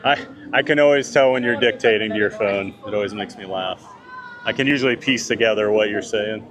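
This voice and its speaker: Outdoors at a theme park, a vlogger chats casually on his live stream, reading viewer comments and responding. His voice is lowish and a bit bright, and he talks slightly fast.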